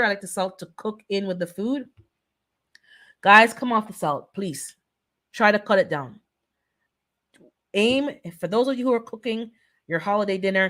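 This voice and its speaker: A woman's voice: mid-range voice, a bit bright. A woman of Caribbean and Jamaican descent hosting a casual live-stream chat, earnestly pleading with her viewers and repeating herself for emphasis. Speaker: host of a live wellness chat.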